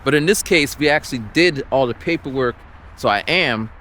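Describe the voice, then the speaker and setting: A man ranting and telling a story while walking outdoors, exasperated and animated. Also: mid-range voice, brisk, slight background noise. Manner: exasperated, animated, acts out the people he quotes. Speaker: vlogger.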